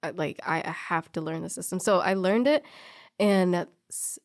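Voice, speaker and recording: A woman's voice: on the low side, normal speed. A young woman telling a personal story in casual chat, acting out the people she quotes. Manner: animated storyteller who acts out quoted people.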